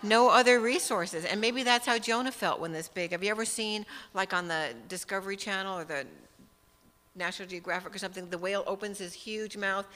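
Woman, sermon storytelling, self-mocking humor, bright voice, reverberant hall. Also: medium pitch, brisk. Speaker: speaker teaching from the Bible. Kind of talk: personal story within a sermon.

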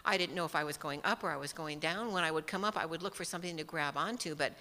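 Bright-voiced woman telling a story. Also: low voice, fast, big-room sound. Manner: animated storytelling with self-mocking humor. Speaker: speaker teaching from the Bible. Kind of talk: personal story within a sermon.

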